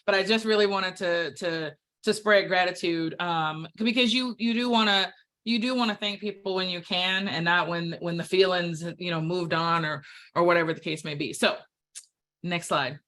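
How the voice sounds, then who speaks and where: A woman's voice: fairly low pitch, fairly even intonation, moderate pace, a bit bright. A woman presenting at a staff town hall over a video call, heartfelt and chatty with plenty of fillers.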